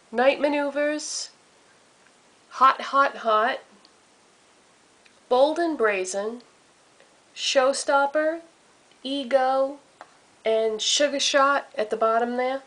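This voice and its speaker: A woman makeup vlogger speaks to her camera in a slow, unhurried way, reading out product names one after another. Her voice sits fairly high, and the tone stays relaxed and chatty throughout. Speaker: beauty vlogger. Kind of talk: casual makeup vlog. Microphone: camera mic.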